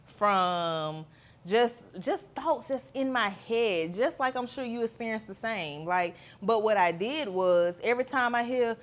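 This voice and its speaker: A woman's voice: fairly high pitch, lively intonation, measured pace. A woman, hosting a podcast in a candid, chatty monologue with playful asides. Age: 30s. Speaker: podcast host.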